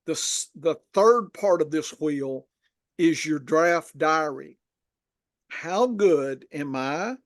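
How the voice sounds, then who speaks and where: A man's voice: fairly high pitch, no echo, clean studio sound. A man with a Southern US accent, from Arkansas, hosting a podcast in a rambling, folksy way. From Arkansas, USA. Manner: rambling, folksy, lots of restarts. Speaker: podcast host. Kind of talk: casual podcast chat.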